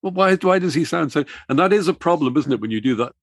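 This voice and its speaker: A man's voice: fairly high pitch, animated, fast talker, no room sound. Man hosting a book chat. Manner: leads with questions, chatty and inquisitive. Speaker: host of a book discussion. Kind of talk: casual chat.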